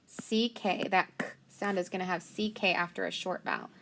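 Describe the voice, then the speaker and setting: A woman's voice: on the low side, fairly even intonation, moderate pace, gravelly, a bit bright, slight background noise. A woman teaching a phonics and spelling lesson, patiently sounding out letters and praising each answer.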